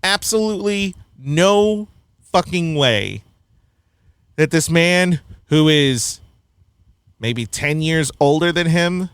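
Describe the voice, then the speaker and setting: A man's voice: fairly high pitch, lively intonation, slow, pauses often, a bit bright, smooth, no room sound. Blunt, opinionated man in casual chat. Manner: blunt and opinionated, laughs often. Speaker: podcast host reviewing a film.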